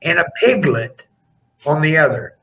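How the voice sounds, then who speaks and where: Bright-voiced man spinning wild stories. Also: on the high side, measured pace, creaky, poor audio. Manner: animated, rambling anecdotes with laughs and restarts. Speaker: podcast guest, former pro wrestler. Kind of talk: storytelling in a casual interview.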